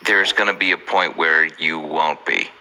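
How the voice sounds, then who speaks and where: A man's voice: extremely low pitch, normal speed, bright, forceful tone, rough recording. A man hosting a casual chat, joking loosely and swearing now and then. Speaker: host.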